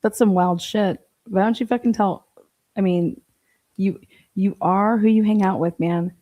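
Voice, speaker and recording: A woman's voice: medium pitch, fairly even intonation, a little slow, dry recording, highs cut off. A woman hosting a livestream, mocking a clip and repeating its lines back with laughter. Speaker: livestream host. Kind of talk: mocking reaction commentary.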